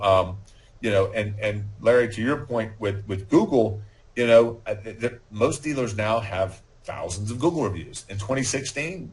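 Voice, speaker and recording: A man as a podcast guest, talking confidently with frequent restarts and repeated words. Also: lowish voice. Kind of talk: casual podcast chat.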